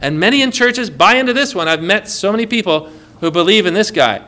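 A man preaching a sermon in an animated way, often putting questions to the congregation. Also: high-pitched, brisk. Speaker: pastor.

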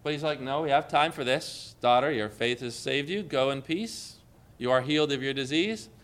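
A man's voice: mid-range voice, normal speed, a bit bright. A man preaching a sermon as pastor, earnest, with rhetorical questions and rising emphasis.

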